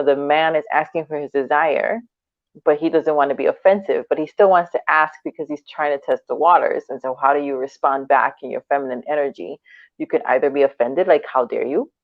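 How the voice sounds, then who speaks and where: A woman co-hosts a casual podcast chat, laughing often and slipping into little acted-out quotes. Her voice sits low. The sound is dry and tinny, like a phone call. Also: no room sound. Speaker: podcast co-host.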